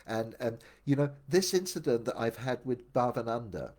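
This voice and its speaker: An older man with a husky, slightly breathy voice at an ordinary middle pitch. He tells his life story casually, wandering and reflecting as he goes and often circling back to restart a thought. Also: lively intonation, moderate pace, a little mellow. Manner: meandering, reflective, with many restarts. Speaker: memoir storyteller. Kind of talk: casual first-person storytelling.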